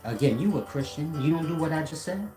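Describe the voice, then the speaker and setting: A man's voice: on the high side, lively intonation, brisk, over music. A man delivering a confrontational, profane, lecturing monologue in casual talk. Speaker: commentator. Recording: roomy echo.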